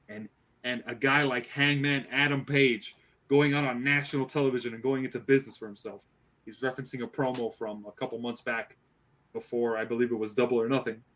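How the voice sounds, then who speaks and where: A man's voice: mid-range voice, steady tone, brisk, lo-fi sound. A man hosting a casual wrestling podcast, retelling a story animatedly with lots of restarts. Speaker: podcast host.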